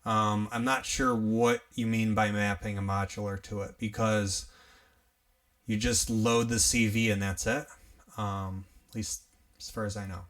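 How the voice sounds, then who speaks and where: A man's voice: fairly low pitch, lively intonation, unhurried, a bit bright, recorded from a distance. A man hosting a live stream, casually answering viewer questions and humming to himself as he scrolls through chat. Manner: thinking aloud, hums while scrolling chat.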